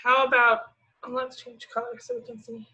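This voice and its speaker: A woman teaching a remote phonics lesson to young children, stretching out each word slowly as she sounds it. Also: a little high, flat delivery, pushed and bright. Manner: slow, drawn-out sounding of words. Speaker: preschool teacher. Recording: slightly dull lo-fi audio.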